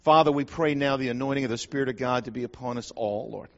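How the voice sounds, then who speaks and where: A man's voice: mid-range voice, fast talker. A man leading a church service as pastor, earnest in prayer and chuckling through light anecdotes, on a dull lo-fi recording. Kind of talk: sermon.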